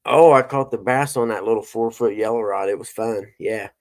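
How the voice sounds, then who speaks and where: A man's voice: lowish voice, normal speed, a little mellow. A middle-aged man, hosting a casual morning show and telling rambling, folksy stories. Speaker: host.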